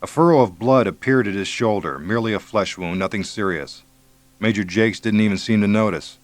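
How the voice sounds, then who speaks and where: A man narrating an audiobook in a measured, low-key way. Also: dry recording.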